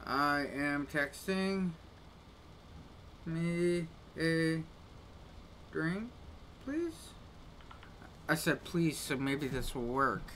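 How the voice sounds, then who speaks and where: A man's voice: on the high side, a bit bright, slight background noise. A man grumbling casually to his live-stream chat while he plays a game, with exasperated little rants.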